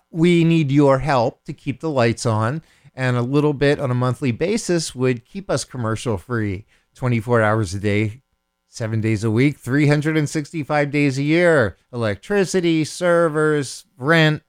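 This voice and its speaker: A man's voice: mid-range voice, unhurried, clear, resonant tone. A man hosting a radio show, making a playful, rambling on-air appeal for donations with jokes and wordplay. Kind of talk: casual on-air donation pitch. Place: radio studio.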